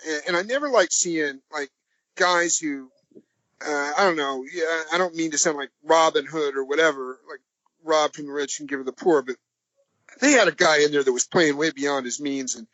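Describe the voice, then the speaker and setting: A man on a podcast as the guest, telling a long anecdote in a rambling, halting way, chuckling as he goes. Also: on the high side, fairly bright tone, no echo. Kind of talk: anecdotal storytelling. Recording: dull, dry lo-fi audio.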